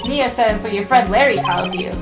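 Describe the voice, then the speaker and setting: A woman voicing a perky, excitable young female assistant in a game reading, in an echoey room with loud music behind. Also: mid-range voice, normal speed, recorded from a distance, close to an everyday voice. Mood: excited. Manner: excitable, calls out.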